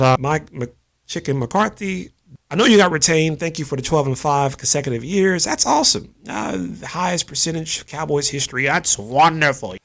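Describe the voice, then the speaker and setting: Animated gravelly man ranting. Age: 40s. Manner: animated and emphatic, with big swings of pitch. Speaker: sports podcast host. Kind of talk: fan postgame rant. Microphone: phone camera.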